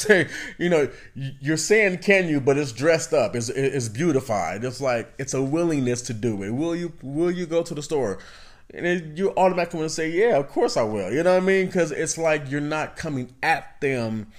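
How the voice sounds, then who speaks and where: Man giving casual self-help talk. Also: mid-range voice. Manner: conversational, repeats phrases, asks "you know what I mean?". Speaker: podcast host.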